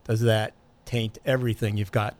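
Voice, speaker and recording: Measured man posing questions on radio. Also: lowish voice, little pitch movement. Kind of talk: radio talk show discussion.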